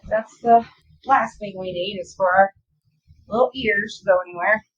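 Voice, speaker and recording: A woman's voice: mid-range voice, moderate pace, breathy edge, highs cut off. A woman with a Southern US accent, chatting casually and teasing herself while teaching a craft step by step. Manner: chatty, self-teasing, talks to viewers as "y'all". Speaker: craft instructor.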